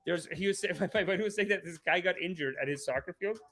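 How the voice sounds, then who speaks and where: A man's voice: high-pitched, fast talker, fairly bright tone, soft background music. A man hosting a comedy livestream podcast, rambling in slangy casual chat and laughing often. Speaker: podcast host.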